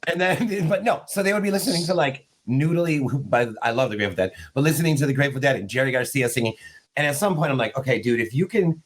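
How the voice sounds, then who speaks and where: A middle-aged male author, talking in an animated, chatty way. He tells stories with quick asides and laughter, heard over a remote call. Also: medium pitch. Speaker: author guest. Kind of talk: casual chat.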